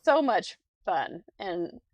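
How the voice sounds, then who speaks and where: A woman hosting a casual craft show, chatting warmly about viewers' cards and laughing often. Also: medium pitch, very animated, takes it slowly, no echo, lo-fi sound. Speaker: host.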